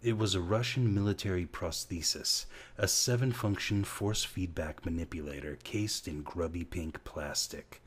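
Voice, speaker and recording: A man reading a novel aloud as an audiobook narrator, in a slow, measured way. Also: low-pitched, slightly rough. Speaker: audiobook reader.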